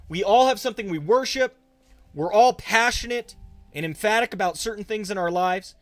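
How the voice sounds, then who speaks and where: Young guy pastor, kinda high voice, chatting to his stream, dry close mic. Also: a bit bright, no echo. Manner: casual, conversational, answers chat questions. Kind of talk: livestream Q&A talk.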